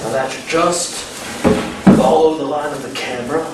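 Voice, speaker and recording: A man performing live improv comedy, asking quick questions in character. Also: fairly high pitch. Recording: echoey room, distant mic, loud noise.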